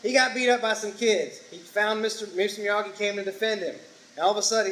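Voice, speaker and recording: A man's voice: sits high, normal speed, sharp tone. A male pastor preaching a sermon, telling a story with acted-out quotes and punchy sound effects.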